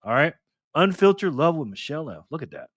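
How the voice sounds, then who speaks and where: Greeting each chatter by name, a man teases his live stream viewers in a playful, easygoing manner. His voice runs a bit high for a man, bright and husky, and he speaks quickly with lots of animation. No room echo; the audio is close and dry.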